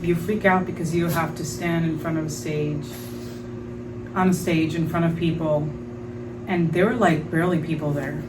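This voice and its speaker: Brief: woman podcast host, fairly low voice, frank and animated storytelling, faint hiss behind her. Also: far from the mic. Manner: animated, frank, swears, many fillers. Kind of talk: casual storytelling monologue.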